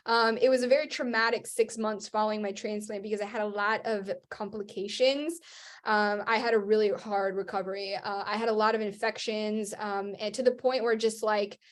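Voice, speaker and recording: Young woman guest on an interview show, kinda high voice, rambly, does voices when she quotes people. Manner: animated, acts out what people said; rambling with many fillers and restarts. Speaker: guest, Christian rock singer. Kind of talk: casual interview storytelling.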